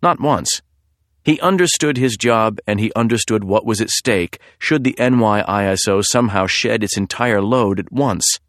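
A man narrating a thriller audiobook in a measured, suspenseful way. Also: lowish voice, dry recording, studio quality.

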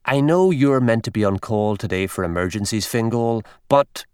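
A man's voice: fairly low pitch, moderate pace, a little mellow, smooth, no echo, studio quality, close to an everyday voice. A man voicing an earnest, polite young country doctor in an audiobook reading.

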